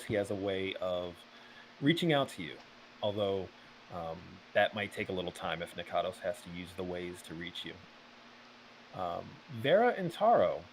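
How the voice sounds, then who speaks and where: A man narrating as game master of a tabletop game, measured and steady with frequent ums. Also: lowish voice, slight background noise, rough recording.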